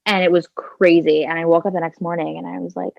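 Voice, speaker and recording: A woman's voice: on the low side, level tone, fast, gravelly, no room sound, lo-fi sound. A woman in her twenties, a podcast guest telling a personal story in a chatty way, leaning on "like" and "kinda" and acting out her own thoughts, speaking into a handheld phone. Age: 20s.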